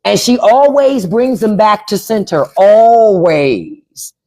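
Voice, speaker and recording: Blunt, lively-voiced woman livestreamer. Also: mid-range voice, takes it slowly. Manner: blunt, profane, repeats herself for emphasis; reads out chat and spells names. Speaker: podcast host. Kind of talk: casual live-stream chat.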